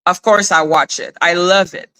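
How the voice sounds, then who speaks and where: A woman hosting her own channel, ranting in a casual, sarcastic monologue, swearing and laughing, swinging between high mocking tones and low deadpan asides. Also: moderate pace. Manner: sarcastic, exasperated, swears freely, laughs often. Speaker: commentary channel host.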